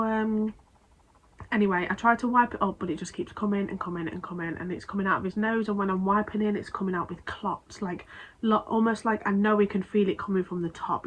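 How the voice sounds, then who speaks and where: A young woman vlogging casually, retelling an upsetting event in a rambling, emotional way with quick restarts. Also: medium pitch, a bit bright, rough recording. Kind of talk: casual vlog storytelling.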